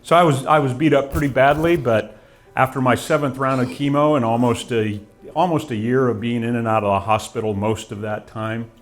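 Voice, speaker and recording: A man's voice: medium pitch, fairly even intonation, a little fast. A man in his forties giving an earnest, reflective personal testimony, with frequent restarts. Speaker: guest telling his story.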